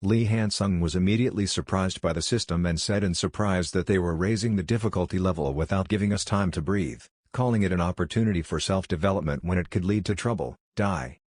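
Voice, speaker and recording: A man narrating a comic story recap in a steady, even way. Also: low-pitched, fairly quick, hardly any pauses, no room sound, clean studio sound.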